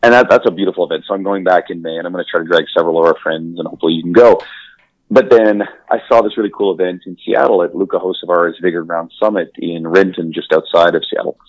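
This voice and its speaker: A man co-hosting a podcast in casual chat, enthusiastic and quick to laugh, swearing freely. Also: deep voice, fairly even intonation, no echo, dull audio. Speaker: podcast co-host.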